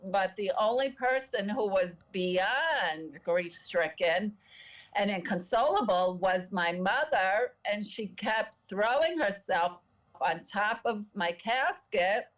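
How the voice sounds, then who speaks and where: A woman's voice: medium pitch, animated, takes it slowly. A woman guest telling a personal story in an interview, in an earnest, emotional way, acting out the voices of the people she quotes. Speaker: podcast guest.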